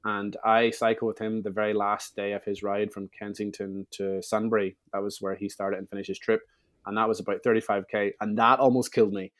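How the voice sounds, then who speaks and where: A man's voice: on the low side, little pitch movement, brisk. A man, telling stories as a guest in a casual interview, chatty and full of restarts. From Northern Ireland. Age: 30s.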